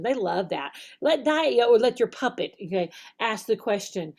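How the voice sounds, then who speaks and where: A woman, an online English teacher explaining classroom techniques, often acting out slow, exaggerated example phrases and checking in with "okay?". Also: mid-range voice, expressive, darkish tone. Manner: demonstrates phrases slowly and exaggerated, tags "okay?". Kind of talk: instructional video talk.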